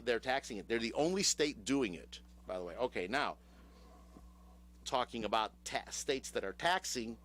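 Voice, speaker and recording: Chicago guy on talk radio, sarcastic, keeps quizzing his cohost, mid-pitched voice. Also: fairly bright tone. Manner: sardonic, asks his co-host rhetorical questions. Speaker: radio talk show host on taxes. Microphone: studio microphone.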